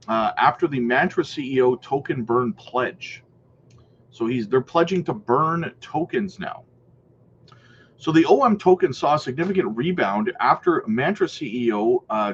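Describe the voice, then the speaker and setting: A man hosting a crypto news channel, giving casual market commentary in a chatty, hedging way, with many fillers and frequent throat clearing. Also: medium pitch, highs cut off, slight background noise.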